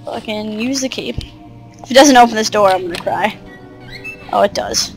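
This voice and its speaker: A woman's voice: mid-range voice, normal speed, faint music behind, rough recording. A woman giving casual let's play commentary, chatty with muttered asides and mild swearing. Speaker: game player.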